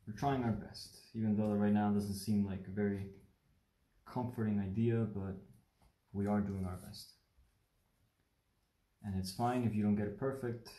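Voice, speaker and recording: A man from Mexico talks casually through a paper-folding tutorial on a livestream, chatty and prone to rambling asides. His voice sits low and mellow. The room around his mic is echoey. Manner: rambling, chatty, asks the viewer questions. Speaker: origami instructor. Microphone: livestream phone or webcam mic.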